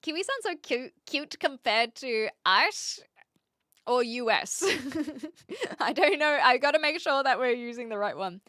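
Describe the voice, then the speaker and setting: Chatty bright-voiced woman streamer. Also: high voice, lively intonation, unhurried, no room sound, studio quality. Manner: rambling, self-correcting, frequent fillers. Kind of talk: casual chat answering viewers.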